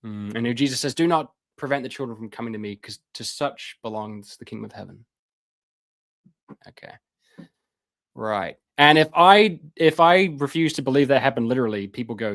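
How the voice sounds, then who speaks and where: A man's voice: medium pitch, expressive, moderate pace, a bit bright. A man giving a live-stream lecture in an impassioned, sarcastic way, with many fillers and restarts.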